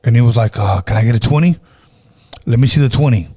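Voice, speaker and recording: A man's voice: medium pitch, fast, warm tone, husky. A man in his fifties hosting a casual podcast, telling crude stories and acting out the people in them. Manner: crude storytelling, acts out the people he quotes. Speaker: podcast host. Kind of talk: casual chat.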